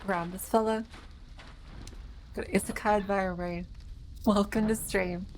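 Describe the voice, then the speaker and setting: Woman gaming on stream, mid pitch, kinda strained voice, lots of stuttery repeats, noisy hiss behind her. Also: steady tone, slow, a little mellow. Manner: chatty, reactive, stammers and repeats words. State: slightly strained voice. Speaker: game streamer. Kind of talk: casual live gameplay commentary.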